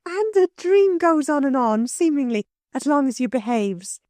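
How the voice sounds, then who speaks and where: A woman's voice: high voice, very animated, moderate pace, darkish tone, no room sound, studio quality, voice pushed up. A woman doing a chatty cook-queen. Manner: chatty, ungrammatical homely talk. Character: coy, forthright cook turned island queen.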